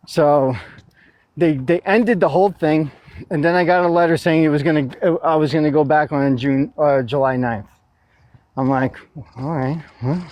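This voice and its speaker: A man's voice: fairly high pitch, normal speed, no echo, dull audio. A man telling a story in a casual group chat, acting out the quotes and laughing as he goes. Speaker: guest sharing a court story.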